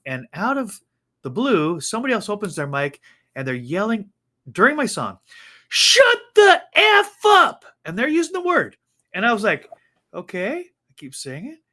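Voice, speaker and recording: A man co-hosting a casual chat, telling stories animatedly and talking about faith. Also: fairly high pitch. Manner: animated storytelling with faith talk. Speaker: co-host.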